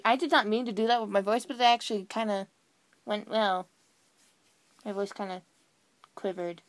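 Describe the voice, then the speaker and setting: A woman's voice: medium pitch, fairly even intonation, moderate pace, pauses often, no room sound. A woman voice actor chatting casually between takes, rambling and poking fun at herself. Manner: rambling, self-deprecating.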